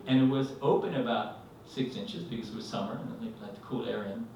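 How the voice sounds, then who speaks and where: A man's voice: fairly low pitch, brisk, a little hiss or hum. A man telling a rambling personal story at a live storytelling event, acting out the voices in it. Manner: rambling, animated, acts out quotes. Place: live event venue, indoors. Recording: echoey hall, mic from a distance.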